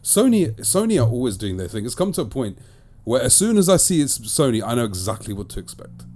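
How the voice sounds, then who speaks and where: A podcast host and disc reviewer speaks in a medium-pitched, mellow voice that's very animated and brisk. In casual chat he offers chatty opinions and repeats phrases for emphasis.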